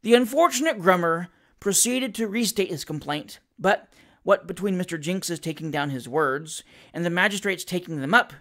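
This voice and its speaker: Reading a classic comic novel aloud for an audiobook, the narrator uses a mid-range voice and a theatrical, expressive delivery.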